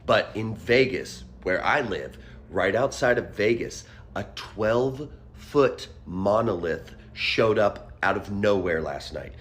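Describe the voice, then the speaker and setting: A man's voice: on the low side, animated, takes it slowly, fairly bright tone. A man casually sharing a strange news story in a conversational, slightly rambling way.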